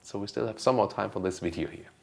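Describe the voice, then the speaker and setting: A man, hosting a car channel and casually answering viewer questions, relaxed and thinking aloud with lots of ums. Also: lowish voice, quick pace, vocal fry. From Germany. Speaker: car review host.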